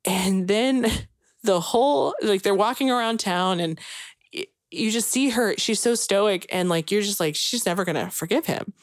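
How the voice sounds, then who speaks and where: A young woman chatting casually as a podcast co-host, her mid-pitched voice recorded close and dry. She tells stories in a loose, rambling way, leaning hard on "like" and "you know," and gushes when something moves her. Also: measured pace, no room sound. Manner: chatty, filler-heavy storytelling full of "like" and "you know"; gushing and emotional when recounting sad moments. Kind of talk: casual chat.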